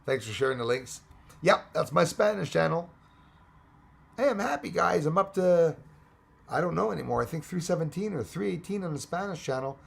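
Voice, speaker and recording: A man hosting a casual livestream, reading out chat names and greetings, his voice going hoarse and rambling between English, French and Spanish. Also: fairly high pitch, lively intonation, moderate pace. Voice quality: gravelly, hoarse voice. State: losing his voice.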